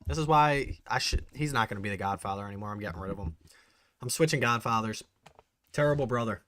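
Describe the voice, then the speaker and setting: A man hosting a casual livestream, chatting excitedly and answering viewers' messages. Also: on the low side, quick pace, a little hiss or hum. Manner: chatty, reads and answers live chat, excitable. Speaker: bourbon channel host.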